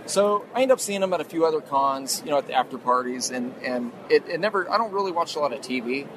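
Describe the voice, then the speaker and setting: A man's voice: fairly high pitch, fast talker. A man casually telling an anecdote at a convention, acting out what people said. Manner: animated, acts out quotes. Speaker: convention interviewee. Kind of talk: casual storytelling. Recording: noisy street background.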